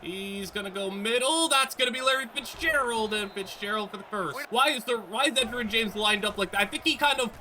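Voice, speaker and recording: A man giving excitable let's-play commentary on a football video game, reacting aloud to each play. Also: sits high, a little fast, few pauses, a little hiss or hum. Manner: excitable, talks back to the game. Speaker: gaming YouTuber.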